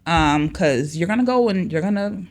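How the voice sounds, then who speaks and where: A mother chatting casually on a podcast, lively, often quoting what she tells her kids. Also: fairly low pitch, normal speed. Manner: lively, quotes herself talking to her kids. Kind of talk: casual chat.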